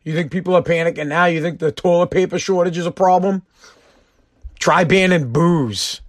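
Man, livestream host, brash and jokey, casual swearing, slightly high voice, dead-dry close mic. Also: steady tone, quick pace, no room sound. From Massachusetts. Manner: blunt, joking, swears freely. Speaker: host of a live-streamed show. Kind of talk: casual rant.

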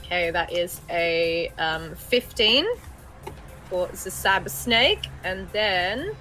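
A woman's voice: lowish voice, expressive, bright, forceful tone, soft background music, rough recording. A woman playing a character in a tabletop role-playing game, chatting unhurriedly and laughing often with the table. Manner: unhurried, giggly table talk. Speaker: player.

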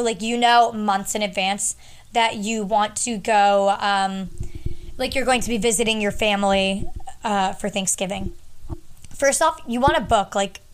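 A woman's voice: a little high, fairly bright tone, clear, resonant tone. Chatty young woman giving travel tips. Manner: chatty, rambling, many fillers. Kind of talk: casual advice talk.

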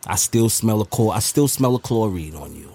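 A man's voice: fairly low pitch, lively intonation, moderate pace, mellow, husky. A man co-hosting a podcast, in casual banter, ribbing his partner in a heated, profane way. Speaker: podcast co-host.

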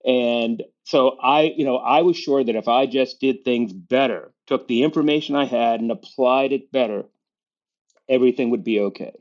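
A man around sixty with a Boston accent, a guest author speaking in a wry, self-deprecating way, with quick bursts of talk. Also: medium pitch, darkish tone. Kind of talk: conversational interview. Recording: slightly dull lo-fi audio.

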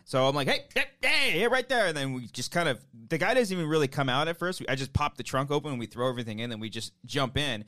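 A man co-hosting a podcast, telling an animated story and acting out the voices in it. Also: mid-range voice, fast, hardly any pauses, dry recording, clean studio sound. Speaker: podcast co-host. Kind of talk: casual chat.

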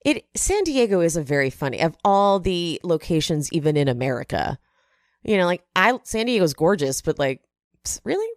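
A woman hosting a casual reality TV recap, chatty with animated asides. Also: low-pitched, moderate pace, no room sound, studio quality. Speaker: recap podcast host.

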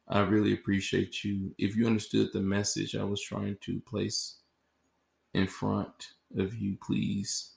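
Gravelly low-voiced man hosting a podcast. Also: a little mellow. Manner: rambling, heavy on "like" fillers. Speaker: podcast host. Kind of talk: casual closing monologue. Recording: roomy echo.

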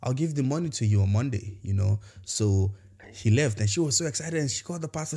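A man's voice: medium pitch, lively intonation, fairly quick, warm tone. A man hosting a podcast episode, giving a casual motivational talk and telling a story, talking conversationally with many fillers and restarts. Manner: acts out quoted voices in storytelling. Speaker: podcast host.

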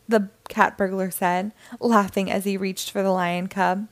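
A woman reading a children's picture book aloud in an animated, sing-song way. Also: mid-range voice, a little slow. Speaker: storyteller.

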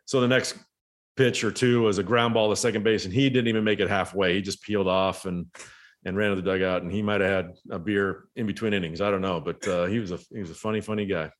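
A middle-aged former baseball player telling relaxed anecdotes in casual conversation. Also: male voice, fairly low pitch, quick pace. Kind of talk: casual storytelling.

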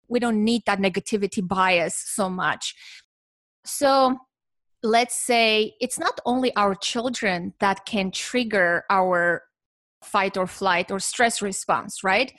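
A woman talking as a guest on a podcast, measured, explaining with examples and lists. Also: mid-range voice, a bit bright, no echo.

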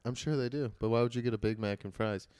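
A man's voice: mid-range voice, fast, a little mellow, smooth, no room sound. A man co-hosting a podcast in casual chat, joking and swearing, poking fun at himself. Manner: joking, profane, self-mocking. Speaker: podcast co-host.

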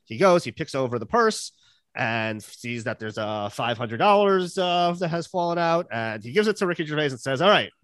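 A man's voice: on the high side, animated, moderate pace, a bit bright, no room sound. A man hosting a podcast, recapping an episode in a rambling, casual way with many fillers. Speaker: podcast host.

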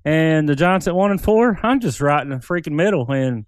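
Laid-back man co-hosting, smooth and a bit high, dry close sound. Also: animated, moderate pace, dry recording. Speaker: podcast co-host. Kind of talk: casual chat.

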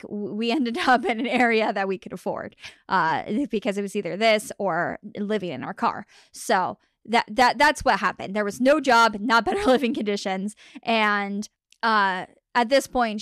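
A young woman casually retelling a story on a podcast, animated and laughing often as she acts out what people said. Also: mid-range voice, no room sound, clean studio sound. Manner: animated retelling with frequent laughs and acted quotes. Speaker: podcast host.

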